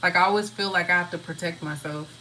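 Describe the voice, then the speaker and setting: A woman casually rambling from home to her live viewers, answering their comments in a relaxed, open way. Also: on the low side, fast talker, slight background noise, poor audio. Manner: relaxed, talks freely, answers chat comments. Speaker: livestream host.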